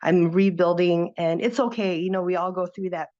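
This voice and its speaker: A woman sharing her personal business story with feeling, acting out her own past reactions in quick quoted bursts. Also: lowish voice, fairly even intonation, dark tone, dull audio.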